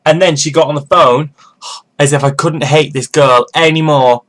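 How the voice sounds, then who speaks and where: A man's voice: on the high side, steady tone, moderate pace, a bit bright. A young man from Northern England, ranting sarcastically and profanely to camera as a vlogger. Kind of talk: casual rant to camera.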